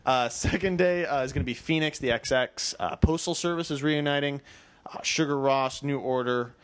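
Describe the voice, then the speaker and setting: A man's voice: mid-range voice, moderate pace, clear, resonant tone, dry recording. A man hosting a podcast in casual chat, joking and steering the talk. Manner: joking, runs the show. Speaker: podcast host.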